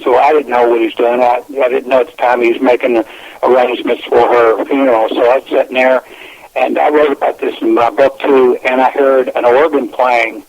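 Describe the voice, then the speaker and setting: A man's voice: medium pitch, flat delivery, a little fast, darkish tone. Rambling man on a dull phone line. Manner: meandering, repeats words and restarts often. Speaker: guest telling his experiences. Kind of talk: rambling personal storytelling.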